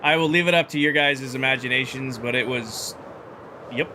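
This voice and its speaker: A man's voice: mid-range voice, normal speed, sharp tone, slight background noise. A man streaming a game live, chatting casually, thinking aloud as he sorts items and greeting viewers in chat.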